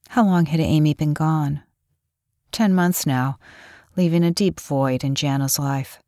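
A woman giving measured, expressive audiobook narration. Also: deep voice, no room sound, clean studio sound.

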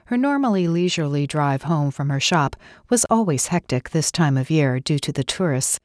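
A woman narrating a novel in a measured, expressive storytelling voice. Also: deep voice, no echo, clean studio sound. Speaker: audiobook narrator. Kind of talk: scripted narration.

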